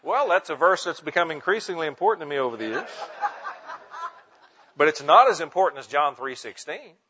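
A man preaching a teaching sermon to pastors, emphatic, slowing down and stressing single words. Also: on the high side, expressive, pushed and bright, a little hiss or hum. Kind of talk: sermon teaching on Bible meditation. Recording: muffled lo-fi sound.

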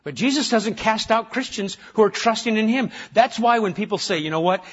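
A man preaching a sermon as pastor, passionately stressing points and then dropping to a hushed tone for prayer. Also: high voice, expressive, fairly quick, breathy edge, muffled recording. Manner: impassioned, swinging from loud emphasis to hushed, intimate prayer. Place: church.

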